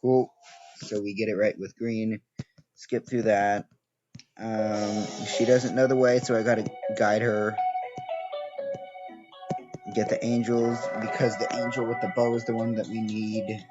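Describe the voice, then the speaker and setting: A man's voice: fairly low pitch, little pitch movement, a little slow, long pauses. A young man chatting through a game walkthrough, thinking aloud and correcting himself as he plays. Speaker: gaming video creator. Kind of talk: casual game walkthrough commentary. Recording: dull lo-fi audio with game music. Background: game music.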